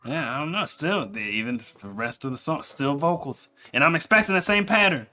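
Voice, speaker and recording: A man giving casual, rambling reaction commentary on a song, talking it through as he listens. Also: fairly quick. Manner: chatty, rambling, animated pitch jumps. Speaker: music reaction streamer.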